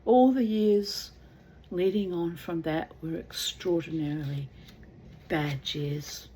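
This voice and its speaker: A woman's voice: on the low side, steady tone, takes it slowly, warm tone, slight background noise. A middle-aged woman reading aloud and rambling in wry asides, sometimes dropping to a whisper. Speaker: reader.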